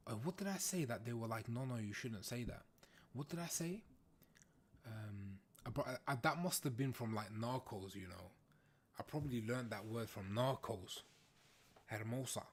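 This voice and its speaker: A man hosting a casual livestream, chatting with viewers in a playful, teasing way and often breaking into loud exclamations. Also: mid-range voice, lively intonation, moderate pace, breathy edge. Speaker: livestream host. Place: home, in the UK.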